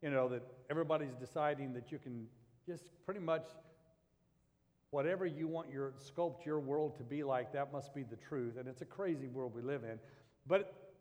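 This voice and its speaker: A male pastor preaches in an easy, rambling way, circling back and restarting his thoughts as he tells stories. His mid-pitched voice carries a long hall reverb, as if heard in a large church. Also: moderate pace, darkish tone. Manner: conversational, rambling storytelling with restarts. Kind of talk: sermon.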